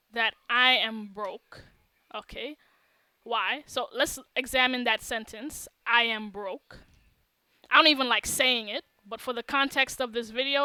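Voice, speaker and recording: Emphatic woman coach, higher voice, smooth and crisp, dry close sound, teaching directly to camera. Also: sharp tone, dry recording. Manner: emphatic, keeps checking in with "okay?". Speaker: law of attraction teacher. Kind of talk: instructional talk to camera.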